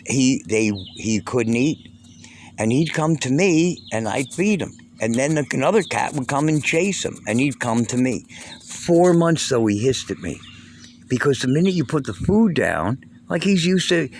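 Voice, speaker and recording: A man in his sixties, talking in a halting, emotional, rambling way with many restarts and blunt swearing. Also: medium pitch, a little hiss or hum. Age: 60s. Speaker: vlogger. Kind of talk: rambling personal vlog.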